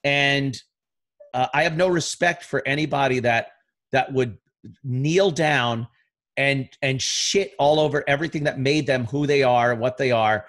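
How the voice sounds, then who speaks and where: A middle-aged man, a podcast guest, in a casual chat, talking bluntly with lots of swearing and animated storytelling. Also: mid-range voice, unhurried. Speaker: podcast guest, radio host.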